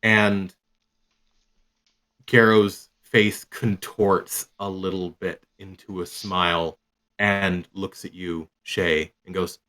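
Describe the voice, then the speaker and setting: A man's voice: deep voice, level tone, takes it slowly, bright, forceful tone. A man narrating a tabletop game as game master, loose and rambling with many fillers.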